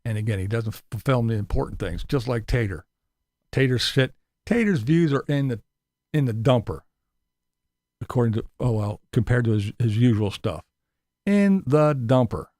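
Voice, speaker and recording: A man's voice: mid-range voice, a little fast, a little mellow, dry recording, studio quality. A man giving a sarcastic, profane commentary rant as a vlogger.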